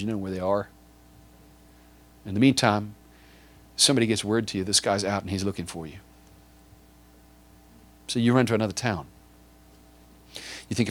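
A man preaching a sermon, acting out a scene in vivid detail and often repeating or stumbling over words as he builds it. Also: lowish voice. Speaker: pastor.

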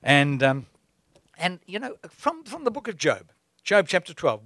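Animated male preacher, dry close sound. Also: a little high, normal speed, no echo. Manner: animated, exhorting preaching with chuckles. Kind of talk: sermon.

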